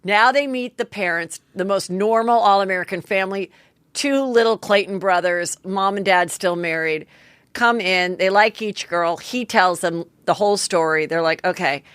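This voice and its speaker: A woman's voice: mid-range voice, moderate pace, fairly bright tone, clear, resonant tone, no room sound. Chatty gossip lady recapping a show, does little voices, dead dry sound. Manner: chatty gossipy storytelling, acts out quotes. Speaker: podcast host.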